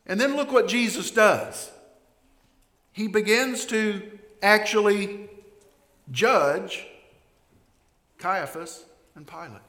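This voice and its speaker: A man preaching a sermon, emphatic, dropping to a hush and then building loud again. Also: fairly high pitch, unhurried. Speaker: pastor. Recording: echoey hall.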